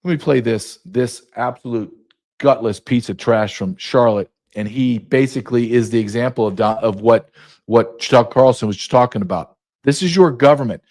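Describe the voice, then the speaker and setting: Blunt sarcastic host in his 50s, ranting, medium pitched voice. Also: moderate pace, darkish tone. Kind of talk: political commentary.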